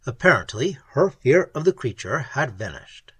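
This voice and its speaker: A man narrates a story aloud in an expressive, unhurried way. His voice is husky and swings widely in pitch. The recording is dry and close. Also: no room sound. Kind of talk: audiobook narration.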